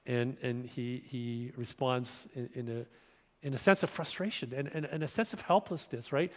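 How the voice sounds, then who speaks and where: Man, pastor, sermon, getting over a cold, conversational, restarts often, long church reverb. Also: mid-range voice. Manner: conversational, halting with restarts, asks the congregation questions. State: recovering from a cold, occasional cough.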